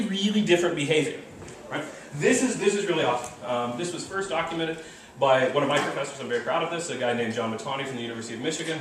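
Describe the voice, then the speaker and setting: A man giving a lively university lecture, now and then acting out animal calls. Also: a little high. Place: large lecture hall. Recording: echoey lecture hall, distant mic, background noise.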